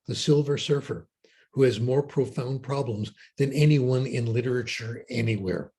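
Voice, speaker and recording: A man giving a keynote talk and answering audience questions in an opinionated, animated way with wry asides. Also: medium pitch, husky. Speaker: keynote speaker.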